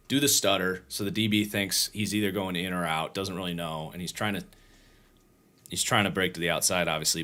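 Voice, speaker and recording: A man's voice: low voice, bright, forceful tone. Tired man breaking down game film. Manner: casual, thinks aloud, frequent restarts. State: tired, yawning. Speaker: host and football draft analyst. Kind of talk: livestream film-breakdown commentary.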